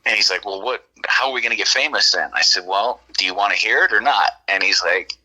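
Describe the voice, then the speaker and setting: A man's voice: fairly low pitch, quick pace, slightly rough, low-quality recording. A man from California telling a long, rambling story, often acting out the dialogue of the people in it. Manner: rambling, animated, acts out quoted dialogue. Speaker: guest telling an encounter story. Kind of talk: casual storytelling on a podcast.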